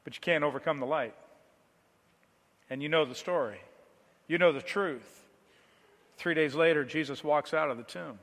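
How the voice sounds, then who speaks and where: A man preaching a sermon, moving between quiet, low passages and loud, emphatic declarations. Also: moderate pace, long pauses, in a large hall.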